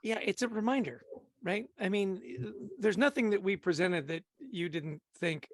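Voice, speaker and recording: Upbeat male trainer, raised gravelly voice, restarts his sentences, leads the group. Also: high-pitched, moderate pace, no echo. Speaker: leadership trainer. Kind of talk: facilitating a training call.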